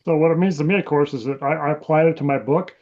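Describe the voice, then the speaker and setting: A man who wrote a book explains his view as a talk show guest in a brisk, folksy way. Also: on the high side, lo-fi sound. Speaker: author guest. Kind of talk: casual chat.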